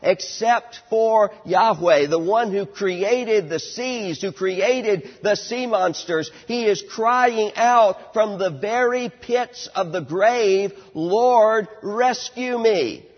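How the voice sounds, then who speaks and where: A man in his thirties preaching a sermon, emphatic and slowing down on key words, dropping to a quieter storytelling tone for anecdotes. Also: high voice, slightly rough. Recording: dull lo-fi sound with long hall reverb.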